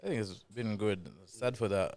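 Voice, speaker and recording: A man co-hosting a casual podcast. He speaks in a fairly low voice, measured, and drops dry jokes. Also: a little mellow. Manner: measured, dry wry humour. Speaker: podcast co-host. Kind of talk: casual chat.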